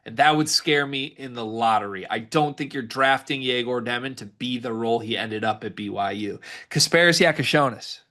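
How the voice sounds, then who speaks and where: A man's voice: medium pitch, sharp tone. Emphatic male sports podcast co-host. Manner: emphatic, rapid-fire scouting takes. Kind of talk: casual sports podcast banter.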